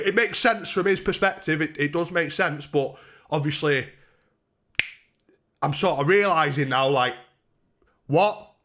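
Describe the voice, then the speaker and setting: A young man on a home live stream, telling a rambling, sweary story with lots of restarts. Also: mid-range voice. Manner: sweary, rambling, restarts a lot, animated when quoting. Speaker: livestreamer. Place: home kitchen.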